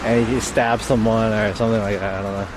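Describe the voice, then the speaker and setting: An IRL streamer broadcasting outdoors in light rain tells a rambling story, cursing and saying "like" constantly. His voice is on the low side and brisk, with little pitch movement. Street noise can be heard behind him.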